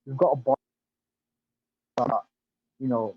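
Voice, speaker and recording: Halting man on a dry call. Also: mid-range voice, steady tone, no echo, lo-fi sound. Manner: halting, many restarts and fillers. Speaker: podcast guest. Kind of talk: casual interview chat.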